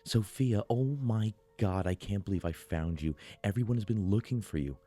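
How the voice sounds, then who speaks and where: A man voicing a frightened young woman calling urgently to a friend in the dark, in a horror story. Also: lowish voice, normal speed, pitched above the performer's own voice, natural voice.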